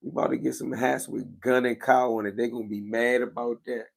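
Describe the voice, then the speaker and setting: A man's voice: medium pitch, flat delivery, a little fast, vocal fry. A man, a little tired, chatting casually on his livestream in laid-back slang and answering viewers over a microphone he wears. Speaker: livestream host. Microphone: wearing a microphone.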